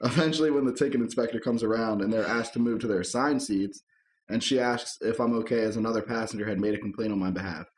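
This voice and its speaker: Low-voiced laid-back man, echoey room. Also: fast, darkish tone. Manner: laid-back, chuckles often, swears casually. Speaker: podcast co-host reading online posts. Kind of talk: casual chat and reading posts aloud.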